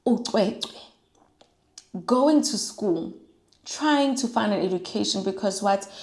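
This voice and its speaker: A woman's voice: mid-range voice, animated, slow pace, darkish tone, echoey room. A young South African woman talking earnestly while doing her makeup, driving her points home by repeating phrases and slipping into Zulu and Sotho words. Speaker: vlogger.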